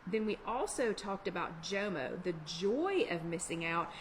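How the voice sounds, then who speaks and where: A woman hosting a live online workshop chat, talking fast in a chatty, encouraging way. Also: fairly low pitch, animated, a little hiss or hum. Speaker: workshop host. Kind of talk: casual live-stream chat.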